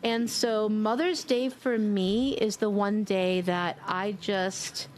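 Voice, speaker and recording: A woman streamer chats affectionately with her viewers as she wraps up. Her voice is mid-pitched and a little congested. A faint hiss of noise sits under the sound. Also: fairly even intonation, slow pace. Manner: warm, affectionate, blowing kisses. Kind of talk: casual stream sign-off chat.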